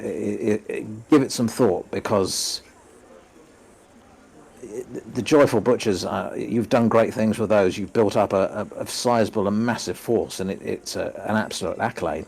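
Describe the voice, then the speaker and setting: A man's voice: lowish voice, creaky, a little mellow. Man playing an earnest, stammering young son. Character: earnest young man pleading with his mother.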